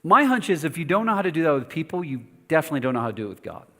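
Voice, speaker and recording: Lively pastor telling a story in a reverberant hall. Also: male voice, on the high side, very fast. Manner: animated storytelling, self-mocking, lively asides. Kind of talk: sermon with personal story. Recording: long reverb of a church hall.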